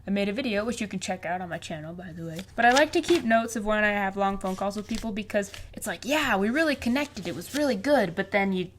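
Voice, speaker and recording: A young woman in her twenties talks through her own material in a loose, casual vlog voice. She is chatty and playful and keeps dropping quick asides. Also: mid-range voice, a little hiss or hum. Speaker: vlogger and artist. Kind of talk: casual chat.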